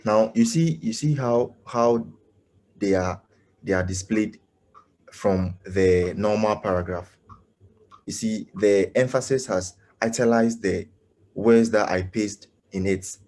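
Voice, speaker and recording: A man teaching web development in a live online class. He speaks haltingly, with many fillers, and keeps checking whether his students understand. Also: fairly low pitch, a little mellow. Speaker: coding instructor. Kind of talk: live online coding lesson.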